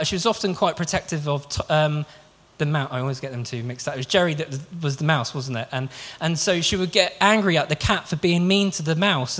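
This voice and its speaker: In a large hall with long reverb, a man preaches a sermon earnestly and conversationally, often starting his sentences over. His voice is fairly high in pitch and a bit bright.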